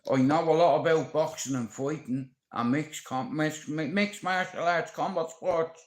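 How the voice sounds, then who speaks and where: An Irish YouTube vlogger with a Dublin accent talks a little slowly in a voice on the high side, in a reverberant space. His casual vlog is brash, rambling and sweary, and he puts on voices for bits.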